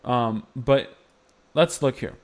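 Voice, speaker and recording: A man's voice: medium pitch, slow pace. A man teaching Byzantine-style chant phrasing, explaining patiently and singing short phrases to demonstrate. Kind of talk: music lesson with sung demonstrations.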